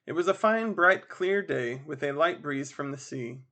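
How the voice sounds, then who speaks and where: Male audiobook-style reader, expressive, bright tone with gravel. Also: fairly high pitch, normal speed. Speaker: podcast host and reader. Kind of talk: reading a classic story aloud.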